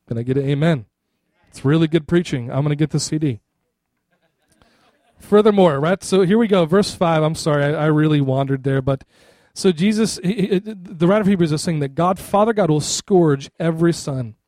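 A middle-aged male pastor preaching in a loose, chatty way, forever asking his church "right?". His voice sits a little high but sounds mellow and soft-edged. The recording is dry and close, with no room echo. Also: normal speed. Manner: conversational, repeats "right?" to the congregation. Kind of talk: sermon.

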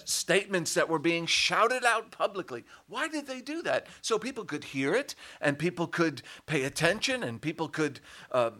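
An older male pastor delivers a sermon in a slightly raised, bright and forceful voice. He talks with animation and swells into loud, emphatic cries on the words he stresses. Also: high-pitched.

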